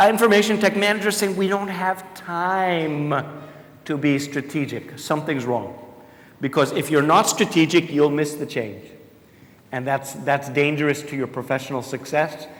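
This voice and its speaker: Brief: a man as a keynote speaker, slightly high voice, playful and chatty with the crowd, echoing hall with long reverb. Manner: animated, jokey, talks to the audience. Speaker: conference speaker. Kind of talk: conference keynote talk. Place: large conference hall.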